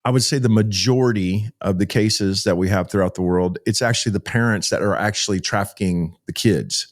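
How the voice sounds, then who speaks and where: A middle-aged pastor from Texas speaks. He tells his stories in a folksy, animated way, often restarting his sentences. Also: lowish voice, fairly quick. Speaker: pastor and child rescuer. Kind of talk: interview storytelling.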